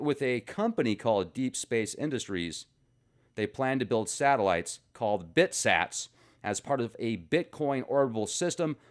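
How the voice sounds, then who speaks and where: A man's voice: mid-range voice, clear, resonant tone. A man hosting a casual commentary video, joking and rambling between topics. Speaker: video host.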